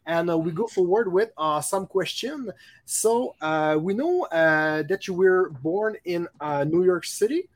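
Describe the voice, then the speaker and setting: A French Canadian man with a Québécois accent hosts a relaxed podcast chat, pausing often as he searches for English words. His voice sits a little high for a man, and he sounds eager and friendly. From Quebec, Canada. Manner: eager, halting English with frequent pauses. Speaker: podcast host. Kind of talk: casual podcast interview.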